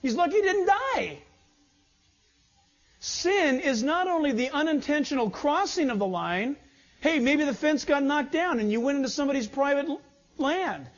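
A man preaching a sermon as pastor, animated, swinging between loud urging and low asides. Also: normal speed, highs cut off.

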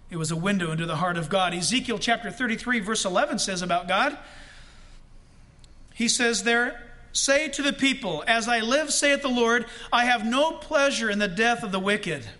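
Man, pastor, sermon, very high voice, bright and forceful, slow drawn-out stresses. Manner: preaching with rising emphasis and slow, drawn-out stresses.

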